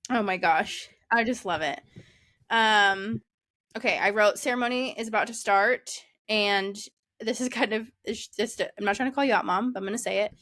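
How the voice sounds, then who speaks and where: A young woman co-hosts a podcast in a casual chat, her mid-range voice fairly bright and at a normal speed. She uses many fillers and laughs often.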